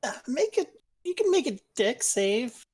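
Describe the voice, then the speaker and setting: A woman's voice: high-pitched, a little slow. Woman running a tabletop game. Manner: relaxed, casual narration with fillers. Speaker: game master.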